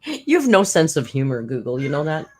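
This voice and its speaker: A woman's voice: sits low, sing-song, brisk. A woman hosting a reaction commentary, sarcastic and blunt, swearing freely. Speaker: commentary channel host.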